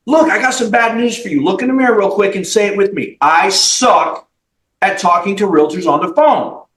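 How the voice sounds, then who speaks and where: A man's voice: sits high, moderate pace, fairly bright tone, roomy sound, poor audio. A man being interviewed as a company CEO on a podcast, giving emphatic, blunt motivational advice with some swearing. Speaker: guest, mortgage company CEO.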